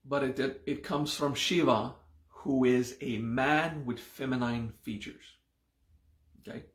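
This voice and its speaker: A man teaching a live meditation class, explaining a mantra and its hand gesture at an unhurried pace and often checking in with "okay?". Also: medium pitch, steady tone, roomy sound.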